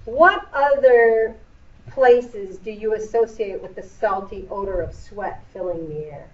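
A woman's voice: mid-range voice, measured pace, recorded from a distance. A woman teaching a middle school English lesson in a classroom, explaining patiently with playful asides. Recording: echoey classroom recorded from afar, dull.

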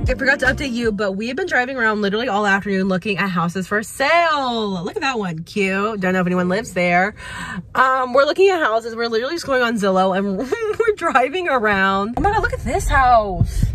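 A woman's voice: on the high side, fairly quick, music in the background. A woman chatting casually to her vlog from inside a car, talking into a handheld phone with a chatty, exclamation-filled manner. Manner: chatty, animated, frequent exclamations. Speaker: vlogger. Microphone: handheld phone camera.

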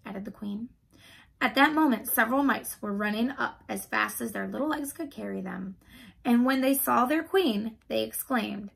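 A woman teacher reading a children's book aloud in a calm, clear storytelling manner. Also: mid-range voice, moderate pace, rough recording.

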